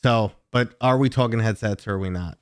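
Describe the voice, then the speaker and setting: A man with a New York accent, hosting a casual livestream and chatting with viewers in a talkative, relaxed way. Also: on the low side, a little fast, no room sound, studio quality. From New York City. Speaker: livestream host.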